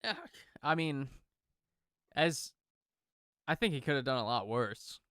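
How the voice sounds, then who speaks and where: A man's voice: medium pitch, unhurried, sharp tone, no room sound. A young man co-hosting a casual debate podcast, laid-back and skeptical with dry humor. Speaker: podcast co-host.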